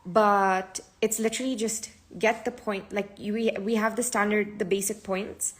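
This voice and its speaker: A woman's voice: medium pitch, steady tone, moderate pace. A sleep-deprived woman hosting her podcast from a live stream, talking casually and chattily with plenty of fillers. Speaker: podcast host.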